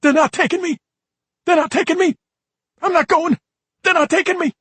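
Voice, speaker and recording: A man voicing a big, drugged-up teenage boy who is panicked and sobbing, in a high, strained wail. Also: steady tone, moderate pace, a bit bright, dry recording. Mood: frantic. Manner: frantic wailing, high and strained.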